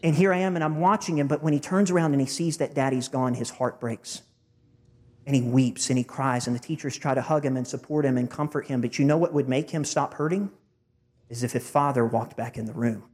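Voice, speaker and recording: A man's voice: medium pitch, fairly quick, a little mellow. Man, pastor, thirties, sermon, earnest, speaking straight to the pews, lingering hall echo. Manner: earnest, heartfelt, addresses the congregation directly. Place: church sanctuary. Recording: reverberant church hall.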